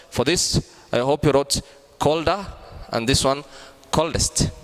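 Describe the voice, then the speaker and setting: A male English teacher gives an online lesson, walking through each rule patiently and restarting phrases as he goes. His mid-pitched voice rings out with a long reverb from a hard-walled room. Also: fairly bright tone. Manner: patient, repetitive step-by-step explaining with frequent restarts.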